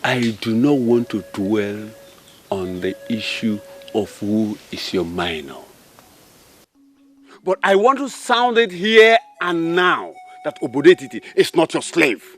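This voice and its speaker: A man playing a calm, dignified envoy from a neighbouring village, speaking slowly and solemnly. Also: fairly low pitch, soft background music. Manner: slow, measured, solemn.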